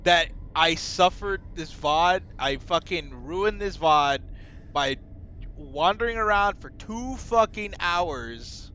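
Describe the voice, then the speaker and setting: A young male streamer rants at a game, exasperated and swearing constantly. His voice is fairly high and swings widely in pitch. He is on a desk mic with faint noise behind him. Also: expressive, slow, bright, forceful tone, lo-fi sound. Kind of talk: frustrated gameplay commentary.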